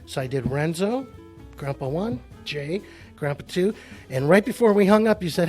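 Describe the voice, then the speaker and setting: A man's voice: sits high, lively intonation, normal speed, a little mellow, soft background music. A man from Buffalo, New York, a musician guest on a radio show, telling stories with upbeat enthusiasm. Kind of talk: casual radio interview chat.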